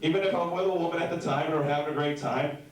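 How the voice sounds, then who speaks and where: A young man doing a stand-up set with a slightly high voice, heard from back in a very echoey club room. He tells rambling deadpan stories and now and then bursts into shouted bits. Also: very fast, recorded from a distance. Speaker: stand-up comedian. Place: comedy club stage.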